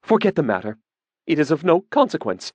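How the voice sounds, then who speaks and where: A man's voice: fairly high pitch, very animated, brisk, darkish tone, no room sound, voice pushed up. A man voicing a cold, fretful mage in an audiobook, grim and clipped, with a threatening edge. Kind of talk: audiobook character voice.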